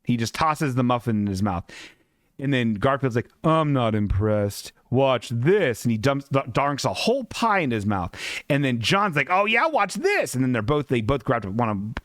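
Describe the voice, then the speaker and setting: A man's voice: medium pitch, expressive, normal speed, dry recording, studio quality. A man hosting a comedy podcast, rambling, profane and laughing often as he describes comic strips. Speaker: podcast host.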